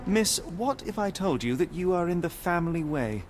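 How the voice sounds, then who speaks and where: Formal Victorian detective. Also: male voice, high voice, expressive. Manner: formal, measured. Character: composed Victorian gentleman detective. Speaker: video game character. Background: game music.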